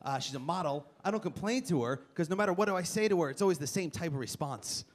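A man doing stand-up at a comedy club teases the crowd brashly, landing punchlines at a quick pace in a fairly high, expressive voice. Crowd noise and laughter come through the live recording.

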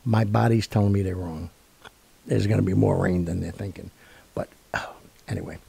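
A man's voice: low voice, steady tone, normal speed, gravelly, warm tone, husky, dry recording. A man hosting a radio show, chatting casually in a rambling, joking way. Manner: rambling and jokey, full of fillers and asides. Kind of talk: casual sign-off chat.

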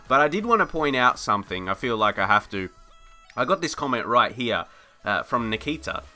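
A man hosting a gaming video, giving casual gameplay commentary in a chatty, rambling way, laughing often and getting excited at good plays. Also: medium pitch.

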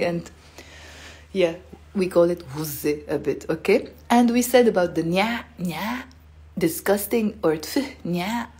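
A woman's voice: medium pitch, a little mellow. A woman giving a casual live-stream language lesson, chatty and full of fillers, acting out the sounds she teaches. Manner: chatty, filler-heavy, demonstrates sounds expressively.

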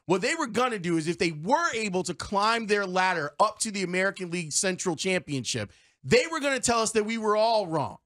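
A man's voice: sits high, animated, brisk, a bit bright. A man co-hosting a sports talk radio show, ranting emphatically and repeating his points in a radio studio. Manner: emphatic, repetitive, fired-up.

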